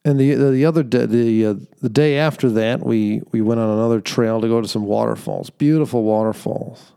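Man, young adult, podcast host, creaky gravelly voice, earnest faith reflection. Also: medium pitch, fairly even intonation, fairly quick, mellow. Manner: earnest, storytelling with fillers and laughs. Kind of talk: faith-based reflective monologue.

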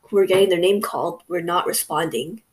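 A woman's voice: lowish voice, a little fast. A young woman telling a story in a casual podcast chat, rambling with lots of "like" and quoting people. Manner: rambling, fillers like "like", quoting others. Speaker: podcast co-host.

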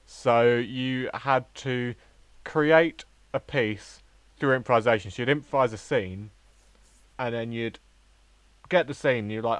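A young man chats casually on a podcast, rambling and restarting his sentences. His voice is mid-pitched and the sound is dry and close. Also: measured pace, fairly bright tone, clean tone, dry recording. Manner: chatty, rambling with restarts and giggles. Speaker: podcast co-host, drama student. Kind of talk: casual chat.

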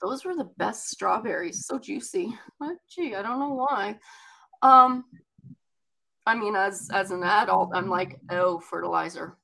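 A woman's voice: mid-range voice, lively intonation, a little slow, gravelly, pushed and bright, rough recording. A woman telling a personal childhood story in conversation, chatty and rambling with many asides.

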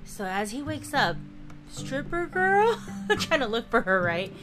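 A woman hosting a casual recap chat, retelling scenes in an animated way with frequent laughs. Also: high voice, unhurried, over music. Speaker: host.

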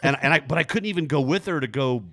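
A middle-aged man, telling a story in casual chat, jumping high in pitch when he quotes a woman. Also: fast, fairly bright tone. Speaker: podcast co-host telling a story.

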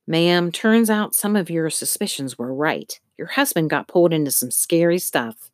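A blunt, earnest male police officer, read by a woman narrator in a storybook. He explains things in a plain, matter-of-fact way, in a low voice with a close, dry sound. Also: animated, moderate pace, no room sound.

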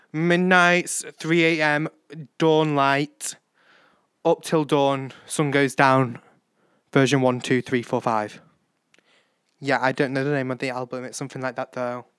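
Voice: mid-range voice, fairly bright tone, smooth, no room sound, studio quality. A late-teen podcast host with a British accent, rambling through a casual solo catch-up in a chatty, self-mocking way. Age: late teens.

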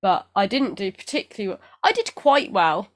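A woman co-hosting a casual chat podcast, pitched in the middle range. She rambles and pokes fun at herself, filling gaps with ums. She is still getting over feeling unwell. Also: lively intonation, a little fast. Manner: rambling and self-deprecating, many fillers. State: recovering from illness. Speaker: podcast co-host.

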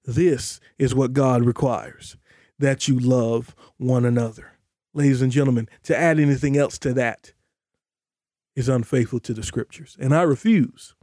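A man preaching a sermon on a podcast, with emphatic delivery that slows down to stress scripture. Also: warm tone, dry recording, clean studio sound. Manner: emphatic preaching, voices imagined questioners in a high pitch. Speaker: pastor.

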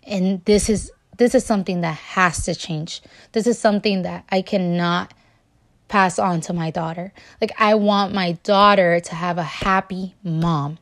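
A woman's voice: on the low side, fairly even intonation, measured pace. A young woman, a new mother, tells in an earnest, emotional way how she climbed out of postpartum sadness, often restarting and repeating words. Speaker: new mother sharing her story. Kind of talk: personal testimony vlog.

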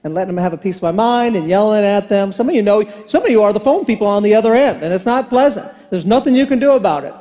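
A man's voice: high voice, expressive, quick pace, few pauses, dark tone. A male pastor giving a sermon in a chatty, joking storytelling manner with playful asides to the congregation.

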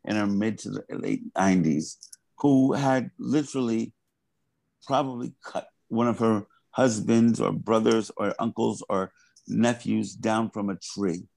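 A man's voice: lowish voice, a little slow, vocal fry, a little mellow, no room sound, poor audio. A male artist in an interview, speaking earnestly and with passion, often restarting and repeating words. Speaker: artist guest. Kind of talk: interview conversation.

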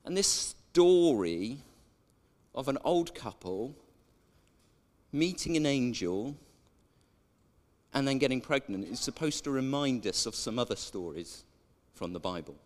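A man's voice: mid-range voice, expressive, measured pace, long pauses, darkish tone. A man preaching a sermon in a chatty way, drawing in the congregation with questions. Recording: echoey church hall.

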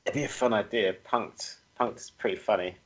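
A man's voice: on the low side, moderate pace. A man, co-hosting a podcast in laid-back casual chat. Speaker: podcast co-host. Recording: dull lo-fi podcast mic.

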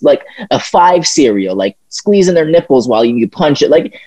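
A man's voice: medium pitch, moderate pace, few pauses, muffled recording. A young man co-hosting a podcast, chatting casually, swearing and stumbling over restarts as he rants. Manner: animated, swearing, stumbling restarts, laughs often. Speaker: podcast co-host. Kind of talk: casual chat.

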